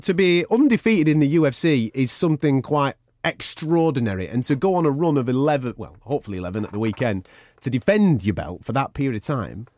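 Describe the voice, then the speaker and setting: A man hosts a podcast with quick, joking banter. His pitch rises and falls a lot as he talks. He sounds relaxed and chatty. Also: dry recording, studio quality. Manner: jokey, banterous. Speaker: podcast host. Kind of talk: casual podcast chat. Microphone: studio mic.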